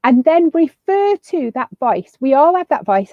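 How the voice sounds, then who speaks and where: A woman's voice: sits high, very animated, measured pace, no echo. A woman giving chatty, upbeat parenting advice as a guest on a video call, with lots of fillers and restarts. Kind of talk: casual advice chat. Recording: slightly muffled lo-fi audio.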